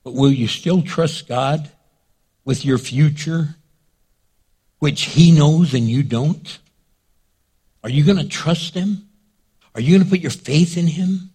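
A man's voice: on the high side, slow, pauses often, mellow, husky. A male pastor preaching a sermon in a dramatic way, acting out scenes and quotes.

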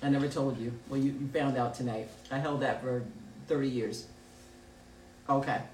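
A woman's voice: a bass voice, fairly even intonation, normal speed, a little mellow. A middle-aged woman hosting a casual live show, reading viewer comments aloud and laughing often. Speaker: host of a live call-in show. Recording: roomy, distant mic with faint background noise.

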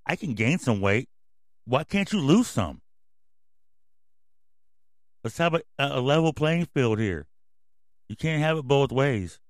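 Male podcast host, dry close recording, mid-pitched, angry swearing rant. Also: big pitch swings, takes it slowly, long pauses, no echo. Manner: angry, yelling, swearing constantly. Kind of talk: profane ranting commentary.

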